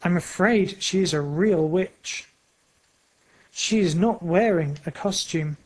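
Very slow, even storybook narrator. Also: mid-range voice.

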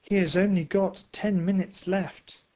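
A man narrating a simple storybook slowly and clearly. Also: high-pitched, steady tone, darkish tone, poor audio. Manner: slow, clear, simple phrasing.

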